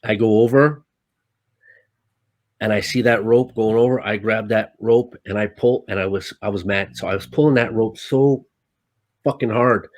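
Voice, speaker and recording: A man who works as a stuntman, a guest telling stories in casual, animated talk, swearing often and acting out his own lines. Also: on the low side, moderate pace, dry recording. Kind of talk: casual storytelling.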